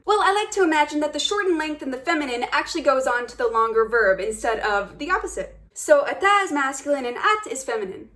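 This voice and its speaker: A young woman with a high voice runs a casual video lesson. She sounds upbeat and cheers her viewers on as she explains each step. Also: fairly bright tone. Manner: upbeat, encouraging, addresses viewers as guys. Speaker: language teacher.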